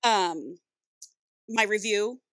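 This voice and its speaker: A young woman co-hosting a casual podcast, excitedly retelling a novel, gushing, and laughing often. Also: medium pitch, extremely slow, no echo. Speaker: podcast co-host.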